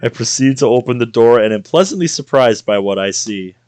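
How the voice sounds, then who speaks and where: A man's voice: medium pitch, expressive, brisk, a little mellow, clear, resonant tone, dry recording. A man streaming a visual novel, reading it aloud and reacting with jokes. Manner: playful, reacts with jokes and laughter.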